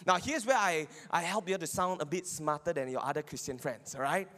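A man's voice: on the high side, fairly quick, fairly bright tone. A man giving a teaching sermon, arguing his points and checking in with listeners. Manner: argumentative, often asks listeners "right?". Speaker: Bible teacher. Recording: long hall reverb.

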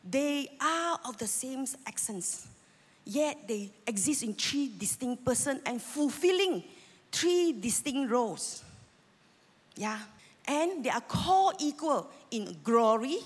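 A woman in her fifties with a Malaysian English accent delivers a sermon, earnest and openly emotional. She rallies her congregation, her voice pitched a touch high. The church hall gives her words a long, lingering reverb. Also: expressive, takes it slowly, husky. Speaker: lay preacher. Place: church sanctuary.

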